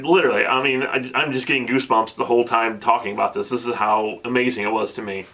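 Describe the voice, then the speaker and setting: A man in his thirties, telling a casual vlog story with excitable, animated energy and many restarts, at times getting emotional. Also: medium pitch. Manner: gets emotional. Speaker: vlogger.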